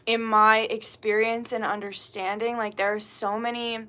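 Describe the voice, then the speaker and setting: A woman hosts a spiritual live stream in a bright, sharp-edged voice. She speaks informally, reads viewers' names aloud and drops plenty of "um"s, and her prayers come out soft and hushed. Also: on the high side, flat delivery, normal speed. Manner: greets chat viewers, laughs easily, fills with um. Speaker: spiritual reader and livestream host. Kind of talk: casual live-stream chat with opening prayer.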